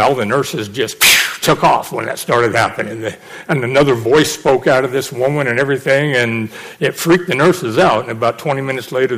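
A man's voice: mid-range voice, fairly bright tone, poor audio. A middle-aged man preaching a sermon, emphatic and repeating phrases for stress.

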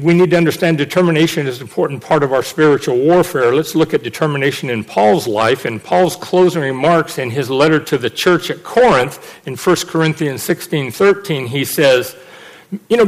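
A middle-aged male preacher delivering a sermon in a somewhat high voice. He presses his points hard and hammers key phrases again and again. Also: normal speed, low-quality recording. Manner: emphatic, repeats phrases for stress.

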